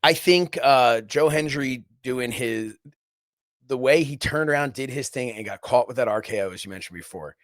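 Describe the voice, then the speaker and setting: Relaxed man co-hosting a podcast. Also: medium pitch, normal speed, dry recording, studio quality. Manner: conversational, agreeable backchannels. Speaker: podcast co-host. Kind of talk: casual wrestling chat. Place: podcast studio.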